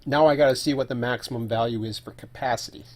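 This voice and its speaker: Male live streamer, casual, rambling, thinks aloud at a desk mic, midrange pitch. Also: fairly even intonation, fast talker. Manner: thinking aloud, rambling with fillers and self-corrections; eating while talking.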